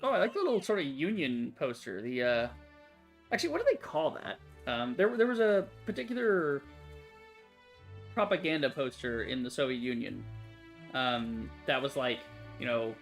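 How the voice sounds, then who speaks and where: A woman's voice: a bass voice, lively intonation, normal speed, soft background music. A woman hosting a gaming channel, chatting casually through a game, swearing and laughing often. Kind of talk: let's play commentary.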